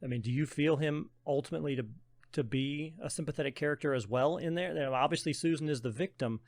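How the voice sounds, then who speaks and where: A man's voice: fairly high pitch, quick pace, a little mellow, no room sound. A man hosting a podcast, putting long conversational questions to his guest. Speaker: podcast host. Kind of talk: interview questions.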